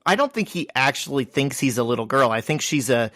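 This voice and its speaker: A man's voice: mid-range voice, brisk, no room sound. Male podcast co-host, casual and meandering, dry close sound. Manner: relaxed, rambling with fillers. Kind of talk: casual chat.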